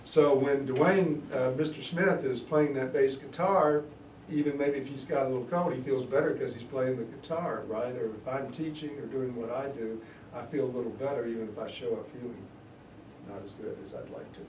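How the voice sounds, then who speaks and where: A middle-aged male tutor who reads scenes aloud with lively emphasis and stops to explain them plainly. He sounds set back from the mic in an echoey classroom with a faint hiss underneath. His voice sits at an ordinary middle pitch. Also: moderate pace. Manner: animated reader, stretching key words, explaining in plain asides. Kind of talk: reading and explaining Shakespeare aloud. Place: classroom in a church tutoring program. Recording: echoey room, distant mic, faint noise.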